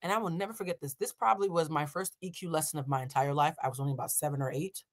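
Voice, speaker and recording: A woman's voice: deep voice, rapid-fire. A woman in her thirties, an emotional intelligence coach, telling a story in a blunt, profane way and acting out the people in it. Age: 30s. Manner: animated, blunt and profane, acts out quoted voices. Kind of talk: storytelling reaction commentary.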